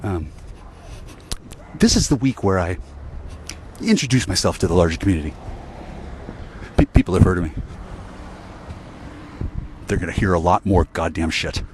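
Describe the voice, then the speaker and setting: A man rants outdoors in a lively, swooping voice, full of curses and stammered restarts. He trails off into sighs between bursts. Faint street traffic hums behind him. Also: sits low, normal speed, long pauses. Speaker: vlogger. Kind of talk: angry rambling monologue to camera.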